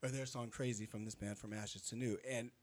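A band member chatting in an interview, telling stories with lots of restarts. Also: male voice, medium pitch, steady tone, brisk, a little mellow. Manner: rambling storyteller with restarts. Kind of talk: casual interview talk.

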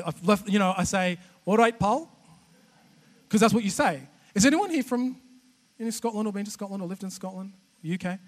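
Aussie guy preaching, high voice, jokey and rambly, big echoey church hall. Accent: Australian. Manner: animated, self-deprecating, jokey, frequent restarts. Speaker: guest preacher. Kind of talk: humorous conversational sermon. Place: church auditorium. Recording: long church hall reverb.

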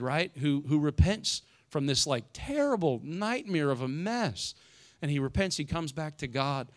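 A middle-aged man preaching a sermon as a pastor, in a conversational way, often adding "right?" and swinging from loud emphasis to hushed, quiet moments. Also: on the high side.

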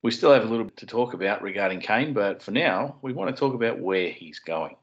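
A man's voice: fairly low pitch, animated, a little fast. A man co-hosting a podcast, explaining scripture in a casual way with dry little puns. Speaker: podcast co-host. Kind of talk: casual chat and Bible teaching. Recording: dull lo-fi sound.

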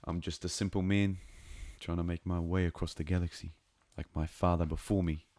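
A man voicing a gruff, weary bounty hunter with a put-on New Zealand accent, speaking slow and low. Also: steady tone, a little mellow, dry recording. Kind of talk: casual impression in a podcast.

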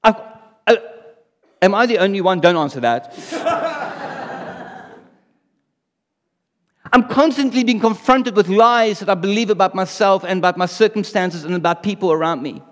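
A man's voice: high voice, animated, a little slow, long pauses. A man preaching a sermon in a conversational way, often asking the audience rhetorical questions. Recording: long reverb in a hall.

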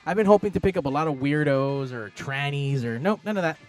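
Male podcast host, a bit high-pitched, rambling crude storyteller, faint music underneath. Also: lively intonation, fairly quick. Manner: rambling storyteller, heavy swearing. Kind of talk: crude casual chat.

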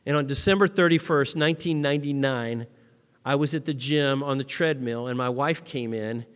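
A middle-aged man delivers a sermon in a big echoing hall, his voice sitting at an ordinary male pitch. He tells stories from his own life, swelling to emphatic peaks and sinking into quiet, tender stretches. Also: normal speed, clean tone. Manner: storytelling, rising to emphatic peaks and dropping to quiet moments. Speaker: pastor.

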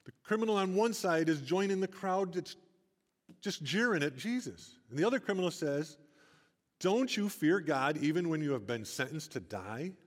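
A man's voice: fairly high pitch, expressive, normal speed. Older man preaching in a reverberant hall. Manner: earnest, storytelling, rising emphasis. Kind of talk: sermon.

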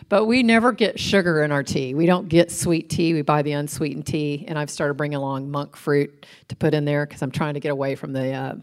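Talking fairly quickly, a middle-aged co-host with a low voice recounts ordinary stories in a relaxed faith-based chat. She's lively and animated, laughing a lot as she goes.

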